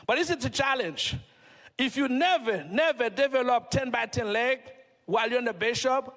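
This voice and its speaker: A man's voice: very high voice, a bit bright. A middle-aged man with a Haitian accent giving a motivational speech from a stage, peppering the crowd with rhetorical questions. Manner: preachy, fires rhetorical questions at the audience. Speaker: motivational speaker. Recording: long hall reverb.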